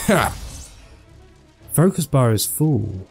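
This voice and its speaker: A man giving casual, jokey let's-play commentary, excitable and full of goofy asides. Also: lowish voice, unhurried, pauses often, faint music behind. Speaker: gameplay commentator.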